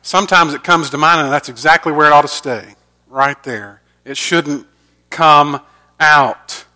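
A middle-aged pastor preaching a sermon earnestly, moving between loud emphasis and soft, quiet lines. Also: male voice, a little high, a little slow.

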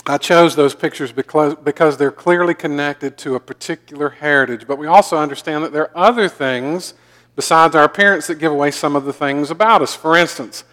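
A man's voice: on the high side, a little fast, fairly bright tone. A man from the American South with a mild Southern accent, preaching a folksy, joking sermon and often repeating his words. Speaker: pastor. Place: church sanctuary. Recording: long hall reverb.

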